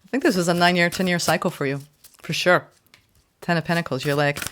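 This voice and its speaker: A woman giving a casual spoken tarot reading, expressive and emphatic, swinging between loud exclamations and soft murmurs, often saying "right?" and "like". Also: fairly low pitch, normal speed, pauses often, slight background noise. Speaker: tarot reader.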